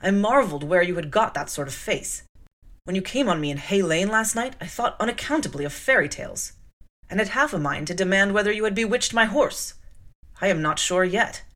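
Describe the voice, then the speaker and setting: A woman reading the lines of a brusque, imperious middle-aged gentleman in a gruff, clipped, demanding way, in an audiobook. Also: medium pitch, lively intonation, brisk, voice pushed up, close to an everyday voice.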